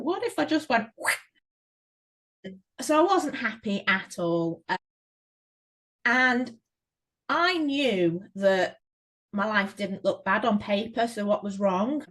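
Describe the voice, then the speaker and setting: A woman from England, a photographer, talking casually as a podcast guest and telling her story in a lively way with plenty of fillers. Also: medium pitch, low-quality recording.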